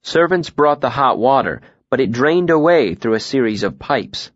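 A man reading a first-person novel aloud in a calm, even, reflective way. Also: medium pitch, normal speed, no room sound, muffled recording. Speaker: audiobook narrator.

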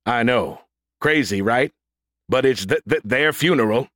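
A cocky, wisecracking male battle android, eager for a fight and full of jokes, played by a male narrator. His voice sits at an ordinary middle pitch, dry and close in an audiobook reading. He stammers now and then over his lines. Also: animated, a little slow, a bit bright, no echo. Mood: cocky, joking. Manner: cocky, joking banter with stammered "R-, Roger".

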